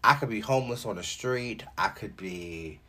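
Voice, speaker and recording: A man's voice: lowish voice, normal speed. A young man hosting his own podcast, chatting casually and joking, with plenty of swearing and filler words. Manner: animated and joking, with frequent profanity and filler likes. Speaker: podcast host. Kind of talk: casual solo podcast chat.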